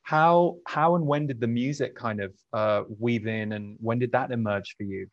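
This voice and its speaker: A man's voice: mid-range voice, normal speed, dry recording, dull audio. A man hosting an interview, asking questions and responding with short affirmations. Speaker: interview host. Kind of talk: interview conversation.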